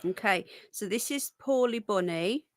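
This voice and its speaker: A woman's voice: medium pitch, animated, unhurried, dry recording, studio quality. A woman with a Birmingham accent hosting a casual livestream, chatting in a rambling way and cooing over her pet rabbits. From Birmingham, England. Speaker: livestream host.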